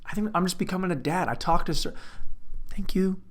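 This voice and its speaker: A man's voice: sits high, expressive, racing. A young man hosting a casual comedic monologue, rambling and poking fun at himself. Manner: rambling, self-mocking, trails off and restarts. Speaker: host.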